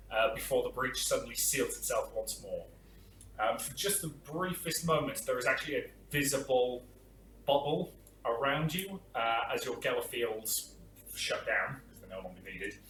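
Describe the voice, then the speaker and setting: A man's voice: mid-range voice, sharp tone. A man running a tabletop game as game master, narrating with many ums and uhs. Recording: echoey room, far from mic, faint noise.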